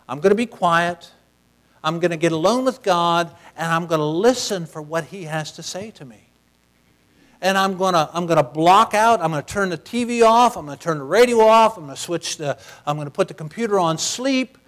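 A man preaching a sermon in a folksy, conversational way, swinging from loud, shouted passages down to a near whisper. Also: on the high side.

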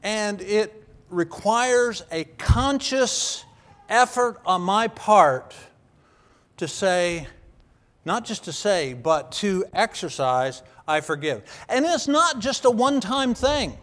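A middle-aged man preaching a sermon as pastor, earnest and emphatic, with restarts and some throat clearing. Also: sits high, animated, slow. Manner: earnest, emphatic, builds to loud stressed phrases.

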